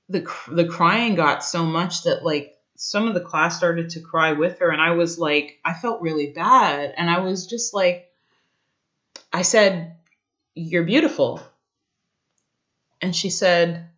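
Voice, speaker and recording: A young woman vlogger telling a personal story in an earnest, reflective way, often pausing to search for words. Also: on the low side, a bit bright. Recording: dull lo-fi sound.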